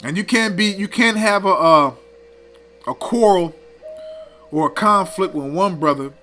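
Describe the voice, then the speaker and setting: A man's voice: high-pitched, measured pace, bright, forceful tone, slight background noise. A man teaching scripture in a scolding, preachy way, often tagging lines with "man" and "okay". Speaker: teacher of a religious group.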